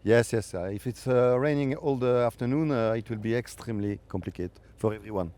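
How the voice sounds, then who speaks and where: Mellow-voiced man, halting replies. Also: mid-range voice. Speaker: rally driver. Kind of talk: brief interview answers.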